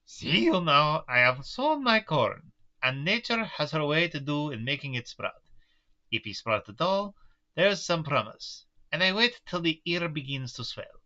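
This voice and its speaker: A man's voice: a little high, sing-song, bright, forceful tone, lo-fi sound, pitched above the performer's own voice, heavily acted. Man putting on a grave old foreign professor. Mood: lecturing. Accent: put-on Central European accent. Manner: slow, solemn, sermonizing.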